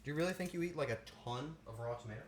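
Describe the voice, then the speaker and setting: A man's voice: a little high, expressive, rapid-fire. Playful streamer guy in an echoey kitchen. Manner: playful, chatty, answers chat aloud. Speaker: streamer cooking live. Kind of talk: casual cooking stream chat. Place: home kitchen. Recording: roomy kitchen with faint noise.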